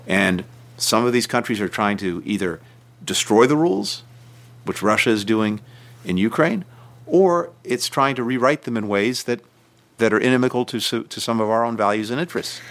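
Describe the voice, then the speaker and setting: A man, a senior official, giving measured interview answers with emphatic stresses and frequent restarts. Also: mid-range voice, fairly bright tone.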